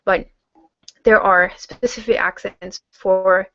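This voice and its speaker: A woman's voice: medium pitch, fairly even intonation, slow pace, a bit bright, dry recording, dull audio. A young German woman answering viewer questions in a casual online hangout, rambling with lots of fillers as she reads questions aloud and answers them.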